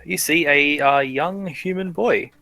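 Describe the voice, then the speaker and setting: Game master, male, bright tone, loose chatty narration. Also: on the high side, unhurried, gravelly. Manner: casual, many fillers and restarts.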